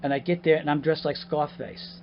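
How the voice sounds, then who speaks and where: A man, a podcast guest and comedian, telling animated stories in casual chat, outdoors at a harbor. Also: a little high, fairly quick, slight background noise. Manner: animated, acts out voices in his stories. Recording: dull lo-fi outdoor recording with faint ambience.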